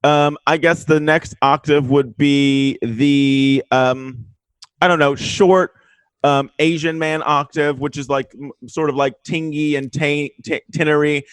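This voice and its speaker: A man's voice: fairly high pitch, measured pace, clean tone, dry recording. A man telling a story in casual chat as a guest, acting out the quotes. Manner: animated storyteller, acts out quotes. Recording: remote video call.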